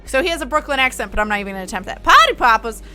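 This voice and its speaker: Young woman reading spooky files on stream, bright highish voice, chatty asides, faint music behind. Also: expressive, racing. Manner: chatty, breaks off to comment and laugh. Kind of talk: casual dramatic reading.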